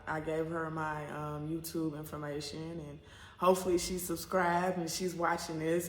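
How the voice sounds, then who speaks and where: A woman's voice: sits low, echoey room, a little hiss or hum. A woman from the United States telling a personal story to camera in a rambling, candid way, full of fillers and restarts. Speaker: vlogger.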